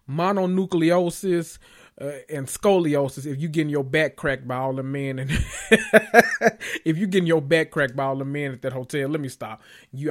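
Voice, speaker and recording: Young adult male host, fairly high voice, sassy and rambling, profane recap chatter. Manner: rambling, sassy, laughs at his own jokes. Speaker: host of a reality TV recap show. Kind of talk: casual profane commentary.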